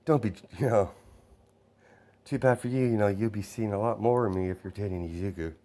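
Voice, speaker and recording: A man's voice: on the low side, brisk, warm tone, natural voice. A man voicing a playful, teasing teenage girl in a raised voice.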